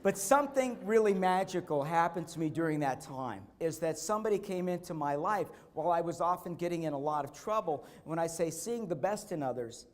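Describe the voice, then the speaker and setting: Keynote speaker, man, higher-pitched, lively storyteller who repeats lines for effect and acts out quotes. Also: a little fast, hardly any pauses. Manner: animated storytelling, repeating key phrases; acts out quotes, bursting into shouts. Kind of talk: motivational conference speech with personal stories. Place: conference stage.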